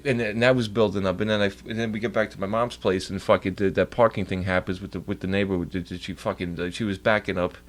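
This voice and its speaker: A man's voice: on the low side, steady tone, quick pace, few pauses. A young man streaming, telling a rambling, profane story in casual chat.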